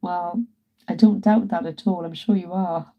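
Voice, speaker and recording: A woman in her thirties speaks in a fairly low voice, a little slowly and with fairly even intonation, as she works in her home art studio. She is an artist chatting casually on a live stream, greeting viewers and laughing often. The recording is muffled.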